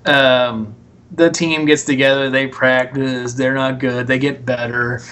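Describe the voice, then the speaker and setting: A man's voice: mid-range voice, fairly even intonation, a little slow, a bit bright. A man co-hosting a podcast, casually recapping a movie and acting out lines from its scenes. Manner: rambling, retells scenes in quoted voices. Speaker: podcast co-host.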